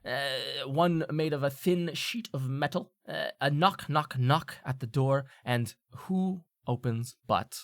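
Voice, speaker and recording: A man's voice: mid-range voice, slow pace, few pauses, fairly bright tone, no room sound. A male game master narrating a tabletop role-play scene, rambling and searching for words with plenty of fillers. His voice sits mid-range and sounds dry and close to the mic. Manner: rambling, many fillers and restarts.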